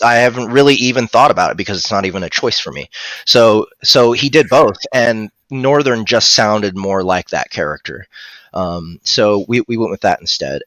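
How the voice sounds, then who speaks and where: A man's voice: on the low side, a bit bright, no room sound. A man chatting casually on a livestream about narrating audiobooks, rambling with restarts and fillers.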